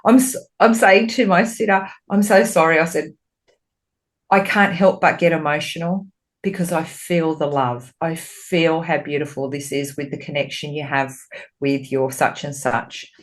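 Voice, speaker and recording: Frank woman medium chatting on a podcast, lowish voice, swears a lot, gets animated. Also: normal speed. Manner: candid and expressive, swears freely; animated, voice rises when retelling her talks with spirit. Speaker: spiritual medium, podcast co-host. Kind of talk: casual podcast chat.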